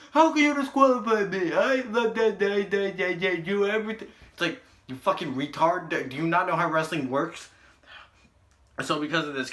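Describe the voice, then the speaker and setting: A man's voice: mid-range voice, pushed and bright. A young man giving a crude, sarcastic wrestling review with lots of um fillers. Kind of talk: casual review vlog.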